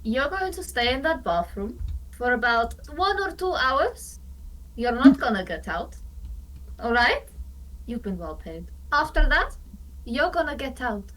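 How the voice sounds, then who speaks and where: A woman's voice: high-pitched, big pitch swings, unhurried, a bit bright, recorded from a distance, a little hiss or hum, heavily acted, poor audio. A woman voicing a stern female rogue adventurer who gives firm orders. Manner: firm, commanding.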